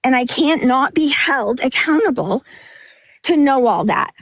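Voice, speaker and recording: Speaking at a measured pace, a high-voiced, animated woman hosts a livestream in a dry recording. Her monologue is frank and emotional, rambling and restarting, and she sounds slightly short of breath.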